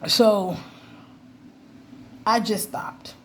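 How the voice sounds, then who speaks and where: A woman vlogging in a casual, animated way about her faith, laughing and mimicking voices as she tells stories. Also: mid-range voice, very slow, a little hiss or hum. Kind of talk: casual faith talk to camera.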